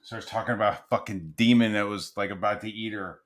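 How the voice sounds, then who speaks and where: Man, lower voice, laid-back and rambling, casual swearing; friends' chat. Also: fairly even intonation, fast, fairly bright tone. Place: home art studio, on a livestream.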